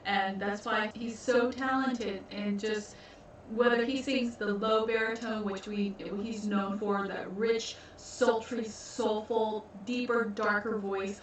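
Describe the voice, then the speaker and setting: A woman's voice: medium pitch, steady tone, takes it slowly, a little hiss or hum. A woman reacting to a music video, explaining at length and gushing with enthusiasm. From United States. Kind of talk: casual reaction commentary. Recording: echoey room, distant mic, music behind. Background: music playing.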